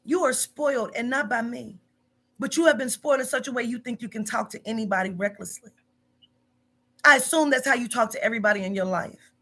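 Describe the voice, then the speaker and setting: A woman's voice: fairly high pitch, brisk, bright, forceful tone. A woman in her forties, a business owner, scolding bluntly and profanely in a heated phone argument. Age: 40s.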